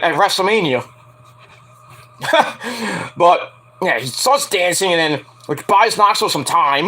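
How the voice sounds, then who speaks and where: A man's voice: high voice, sharp tone. A man giving a casual, profanity-laced solo review of a wrestling match, rambling and acting out what people said with sudden yelps.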